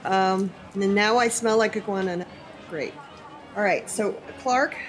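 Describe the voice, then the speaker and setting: A woman playing a tabletop game, speaking in character in a brisk, sardonic way. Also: mid-range voice. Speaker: player.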